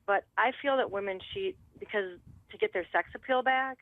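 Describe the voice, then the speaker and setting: A woman's voice: mid-range voice, moderate pace, no room sound. Friendly woman caller on a phone line. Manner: friendly, candid. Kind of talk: call-in comment.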